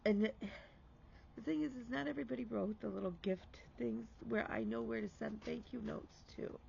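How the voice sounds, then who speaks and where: A man's voice: very high voice, fairly even intonation, moderate pace, creaky, darkish tone, lo-fi sound, slight background noise. A man hosting a stitching vlog, telling a heartfelt story in casual chat and dropping to a whisper for emphasis.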